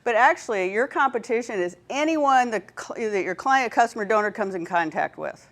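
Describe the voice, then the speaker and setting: A woman's voice: a little high, expressive, a little fast. A woman leading a training workshop, telling stories and checking in with her audience. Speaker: workshop presenter.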